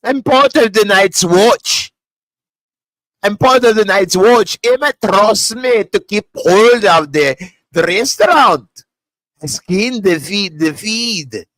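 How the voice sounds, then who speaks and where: A man voicing a prim, flustered nerdy young man who speaks in a high, fussy and proper way. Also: animated, slow pace, fairly bright tone, no echo, heavily acted, rough recording. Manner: high, fussy and proper, repeats "quite lovely".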